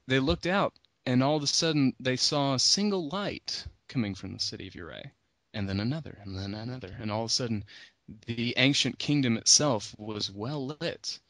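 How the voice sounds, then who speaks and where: Bright-voiced man, animated storyteller. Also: no echo. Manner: animated, acts out characters' lines with raised pitch. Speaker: podcast host. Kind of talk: casual retelling of a book's story.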